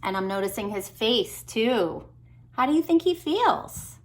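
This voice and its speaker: A woman speech therapist reading a picture book aloud to children, gentle and encouraging, stopping to ask questions. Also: on the high side, sing-song, a little slow, slight background noise. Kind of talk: read-aloud lesson for kids.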